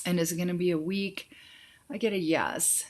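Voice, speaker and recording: A woman hosting a casual live psychic Q&A, reading viewers' questions aloud and answering them with quick intuitive yes-or-no readings, calling viewers sweetie and honey. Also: on the low side, fairly even intonation, a little mellow. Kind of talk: casual live-stream chat.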